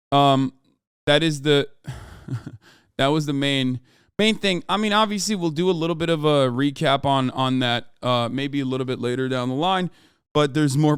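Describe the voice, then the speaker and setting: A man's voice: mid-range voice, clear, resonant tone, no room sound, clean studio sound. A young man, a streamer, chatting casually on a live stream in a rambling, self-correcting way.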